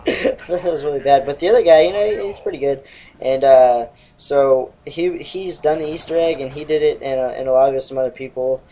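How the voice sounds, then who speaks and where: A man's voice: medium pitch, a little fast, dark tone, low-quality recording. A man in his twenties giving casual, rambling gameplay commentary, swearing and laughing often. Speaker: gaming channel host.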